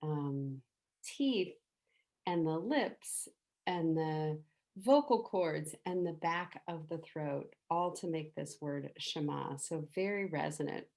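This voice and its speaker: A middle-aged woman gives a gentle meditation teaching in a low voice. She talks slowly and softly and invites listeners to voice the sounds along with her. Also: expressive.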